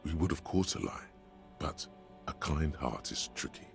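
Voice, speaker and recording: A deep, commanding inner narrator. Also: male voice, expressive, unhurried, creaky, over music, heavily acted. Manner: authoritative, pronouncing judgments. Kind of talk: video game voice acting.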